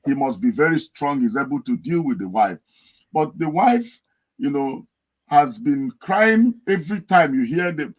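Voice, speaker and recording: A man's voice: a little high, animated, measured pace, poor audio. A man speaking on a podcast, earnest and telling stories to make his point. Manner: earnest, storytelling, acts out a wailing wife. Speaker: guest speaker. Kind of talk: podcast discussion. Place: United Kingdom.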